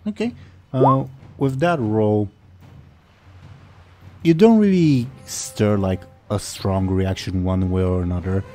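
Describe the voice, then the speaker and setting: A man's voice: lowish voice, slow pace, pauses often, darkish tone, faint music behind. A man narrating as game master of a tabletop game, casual and full of fillers. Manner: casual, with many fillers and laughs.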